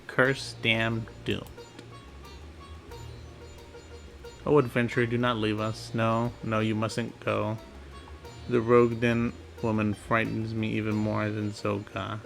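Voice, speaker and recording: A man's voice: lowish voice, completely flat delivery, unhurried, vocal fry, soft background music. A man voicing a fretful male kobold who wails and lists words in threes, for a video game. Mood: fearful. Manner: wailing, lists synonyms in threes.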